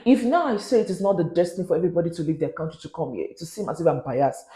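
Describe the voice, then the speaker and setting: A woman speaks earnestly to her viewers, pressing her warnings home. Her voice sits a little low and has a mellow, warm tone. The room around her rings with a noticeable echo. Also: very fast, hardly any pauses. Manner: earnest, warning, switches into pidgin. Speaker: vlogger. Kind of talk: advisory vlog to camera.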